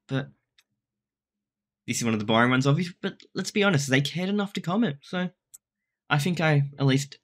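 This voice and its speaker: A man's voice: on the high side, animated, brisk, pauses often, a bit bright. An Australian man vlogging casually in a rambling, self-deprecating way, often restarting his sentences. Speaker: YouTuber. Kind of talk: casual vlog commentary.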